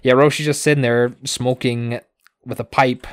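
A man co-hosting a podcast, recapping episodes in casual chat with sarcastic asides, casual swearing and quick put-on character lines. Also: mid-range voice, fairly even intonation, dry recording, studio quality.

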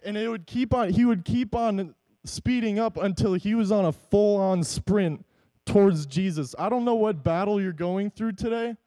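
A man's voice: sits high, normal speed, mellow, no room sound, low-quality recording. A man giving an earnest, encouraging church devotional talk. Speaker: devotional speaker.

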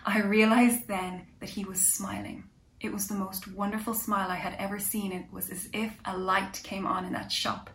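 A woman telling a first-person story in an unhurried, reflective way, soft at its quiet moments. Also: medium pitch, level tone, slight background noise. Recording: echoey room.

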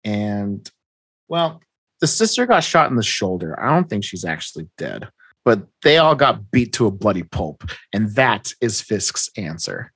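A man's voice: on the low side, very animated, measured pace, fairly bright tone, breathy edge, no room sound. A man in casual chat, animatedly recapping a comic book plot, acting out the characters' lines and laughing often.

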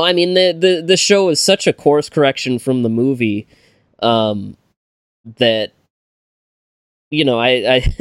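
Halting man in casual podcast chat. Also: medium pitch, dry recording, clean studio sound. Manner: halting, many fillers and restarts. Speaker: podcast co-host.

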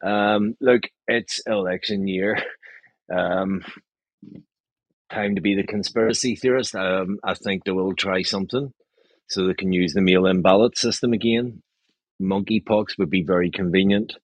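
A man's voice: deep voice, fairly even intonation, measured pace, no room sound. A man on a casual panel discussion, speaking hesitantly with many ums and a wry tone. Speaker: panel guest. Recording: dull lo-fi call audio.

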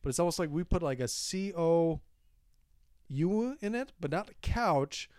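A man's voice: on the high side, expressive, measured pace, darkish tone, no room sound, clean studio sound. Minnesotan man, casual podcast chat. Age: 30s. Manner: talkative, explains with examples, laughs easily. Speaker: podcast co-host.

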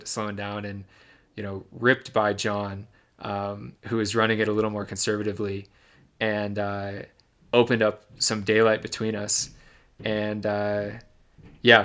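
Gravelly low-voiced young man from Michigan. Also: a bit bright. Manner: detailed, reflective race recap. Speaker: podcast co-host. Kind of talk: casual podcast storytelling.

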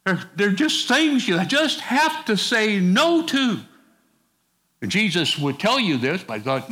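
A man's voice: high-pitched, sing-song, a little slow, fairly bright tone. A middle-aged male pastor preaching a sermon in a folksy, conversational way, with casual asides to the congregation.

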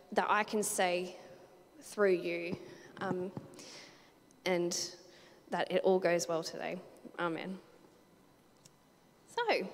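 A woman's voice: medium pitch, long reverb tail. A young woman giving her first sermon, chatty and personal, a little nervous. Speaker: preacher.

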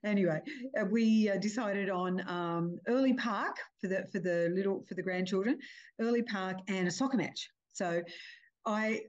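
Animated older woman hosting a podcast. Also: medium pitch, moderate pace, muffled recording. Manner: animated storyteller, acts out family quotes. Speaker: podcast host. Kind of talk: casual chat.

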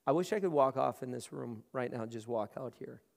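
A man's voice: mid-range voice, a little fast, vocal fry. A male pastor preaching a conversational sermon, often repeating words as he starts his phrases. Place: large room. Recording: long hall reverb.

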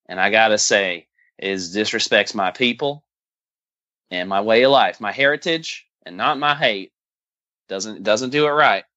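A man's voice: fairly low pitch, a little slow, sharp tone, dry recording, muffled recording. A man from the American South riffing sarcastically in a casual movie-review podcast chat. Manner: joking, rambling, sarcastic. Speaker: podcast host.

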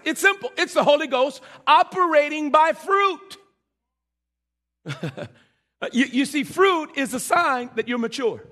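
Very high-voiced man preaching in a reverberant church. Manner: animated preaching with shouted peaks and asides to the congregation; humorous, teasing. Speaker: pastor. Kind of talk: sermon. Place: church sanctuary. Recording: long hall reverb in a church.

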